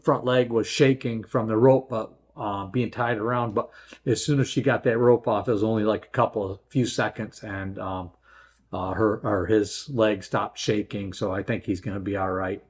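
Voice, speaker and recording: A man's voice: fairly low pitch, steady tone, moderate pace. A middle-aged man hosting a story channel, chatting casually and rambling with many fillers and restarts. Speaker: host. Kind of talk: casual chat.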